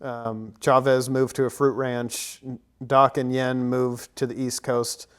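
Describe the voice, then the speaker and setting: A man in his thirties talks through a film recap in a loose, rambling way. He is full of fillers and likes and keeps a middle pitch for a man. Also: level tone, takes it slowly, clear, resonant tone. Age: 30s. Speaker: podcast co-host. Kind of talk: casual movie recap chat.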